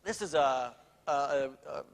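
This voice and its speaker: A man's voice: on the high side, a little slow, creaky. Storytelling man in an echoing hall. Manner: conversational with frequent fillers and restarts. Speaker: keynote speaker. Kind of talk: storytelling keynote. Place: conference hall. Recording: long reverb of a hall.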